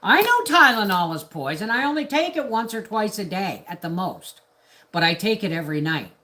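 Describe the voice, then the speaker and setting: A woman's voice: medium pitch, big pitch swings, normal speed, sharp tone. A middle-aged woman from Canada talking on a casual live stream, ranting in a rambling, indignant way with restarts. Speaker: homestead vlogger on a live stream.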